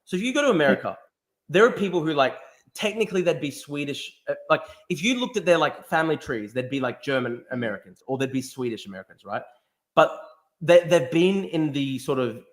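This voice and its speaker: A man's voice: a little high, lively intonation. A young man, hosting a casual debate, pressing with questions, peppered with "like" and "right?". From Australia. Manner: quick, questioning, lots of "like" and "right?". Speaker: host.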